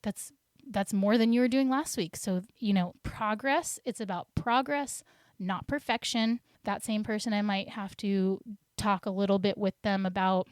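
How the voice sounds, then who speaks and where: A woman's voice: medium pitch, dry recording, studio quality. A woman health coach in a solo podcast, talking in an upbeat, encouraging way and acting out her clients' voices.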